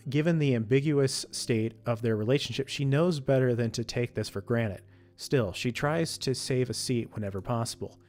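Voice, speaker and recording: A man reading a visual novel's story text aloud, steady with frequent slips and self-corrections. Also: medium pitch. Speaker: let's play streamer reading a visual novel.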